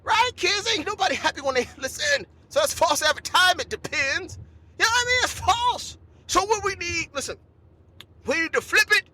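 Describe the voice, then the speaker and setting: A man with a very high, sharply bright voice rambles through a comic monologue as podcast host. He keeps cutting himself off with asides and repeats his phrases for effect. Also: lively intonation, normal speed. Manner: rambling, repeats "listen" and "right?". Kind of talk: stand-up style comedy monologue.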